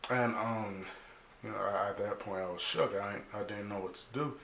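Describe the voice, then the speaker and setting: A young man telling a story casually, animated and profane, full of slang, acting out other people's lines. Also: on the low side, moderate pace, creaky, slight background noise. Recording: echoey room.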